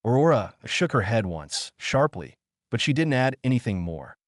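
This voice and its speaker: This audiobook narrator is a man reading a fantasy tale with calm, even storytelling. His mid-range voice keeps a moderate pace, and the studio sound is clean and dry.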